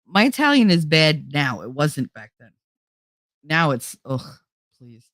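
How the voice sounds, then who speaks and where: A middle-aged woman hosting a livestream, telling family stories in a casual, animated way and acting out her relatives' voices with frequent laughter. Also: deep voice, a little slow, dry recording. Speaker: livestream host. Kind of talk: casual storytelling chat.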